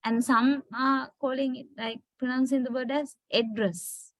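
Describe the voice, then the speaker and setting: A woman's voice: high-pitched, level tone, normal speed, dry recording. A woman teaching English pronunciation in a lecture, patiently spelling out words and often checking in with her students. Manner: patient, checks understanding with "right?". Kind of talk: slow classroom lecture.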